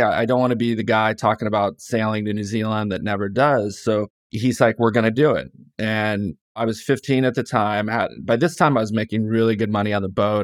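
A man's voice: on the low side, no echo, studio quality. A middle-aged man from California, casually telling stories in an interview with lots of restarts and quoted dialogue. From California, USA. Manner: relaxed, rambling, frequent restarts and quoted dialogue. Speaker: guest author.

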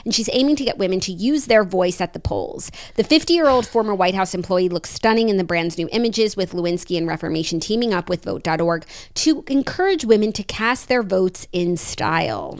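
A woman's voice: medium pitch, animated, brisk, hardly any pauses. A woman co-hosting a podcast, reading out news stories with dry, teasing remarks. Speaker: podcast co-host.

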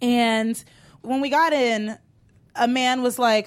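A woman with a fairly high voice co-hosts a comedy podcast in front of a live crowd. She tells stories with animated energy and acts out other people's voices. She swears freely as she goes. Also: normal speed. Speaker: podcast co-host. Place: live show stage with audience.

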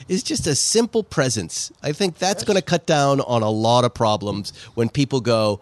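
A man hosting a casual podcast, rambling and animated as he talks. His pitch moves a lot. The sound is dry and close. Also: normal speed, hardly any pauses, no echo. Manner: animated, rambling, laughs often. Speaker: podcast host. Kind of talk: casual chat. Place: outdoor patio.

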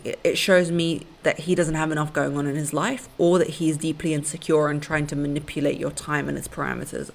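A young woman hosting a podcast, giving blunt, sassy relationship advice and calling listeners honey and baby. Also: low voice. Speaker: podcast host. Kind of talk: casual advice monologue.

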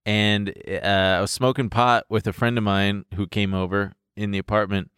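A man's voice: fairly low pitch, moderate pace, smooth, no echo, studio quality. A man in his thirties, co-hosting a podcast, telling a story in casual chat and acting out the voices in it. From United States. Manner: animated, acts out voices in his stories, laughs often. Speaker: podcast co-host.

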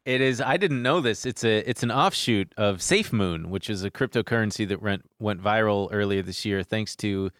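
A man co-hosting a casual comedy podcast, telling stories in quick, animated bursts. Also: lowish voice, no room sound, studio quality. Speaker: podcast co-host.

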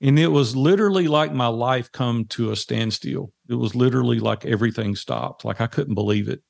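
A man's voice: medium pitch, fairly quick, vocal fry, a little mellow. A man, a podcast guest earnestly recounting a life story and quoting what people said. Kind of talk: personal storytelling in conversation.

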